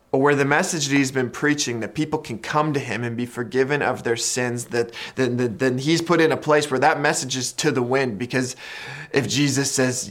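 A man preaching a sermon in a conversational way, retelling a story with drama and dropping to quiet emphasis on key lines. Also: medium pitch, steady tone, moderate pace. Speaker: pastor.

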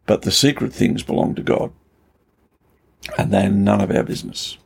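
A man's voice: on the low side, normal speed, creaky, husky. A man, a pastor, explaining scripture in an earnest, emphatic conversational way. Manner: earnest, emphatic storytelling with rising intensity. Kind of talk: conversational Bible teaching.

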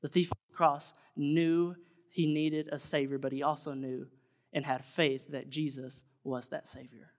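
A man preaching a sermon as pastor, folksy and conversational, turning earnest and solemn. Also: a little high. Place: church sanctuary. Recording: long church hall reverb.

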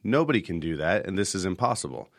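Deep-voiced man hosting a casual podcast. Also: sing-song, fast, no room sound, studio quality. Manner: rambling storyteller, repeats words. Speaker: podcast host.

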